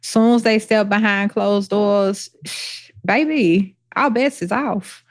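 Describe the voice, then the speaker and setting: A woman co-hosting a casual podcast chat, animated and quick to chime in and laugh. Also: mid-range voice. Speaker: podcast co-host.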